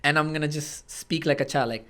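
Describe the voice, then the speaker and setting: Animated young man telling stories, bright voice. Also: a little high, a little fast, clear, resonant tone. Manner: animated, acts out his own past quotes. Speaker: guest, comedian and vlogger. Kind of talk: casual podcast storytelling.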